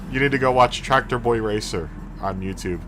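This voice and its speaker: A man chatting casually on a live stream of a racing game, laughing often between remarks. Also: medium pitch. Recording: game music playing under the voice.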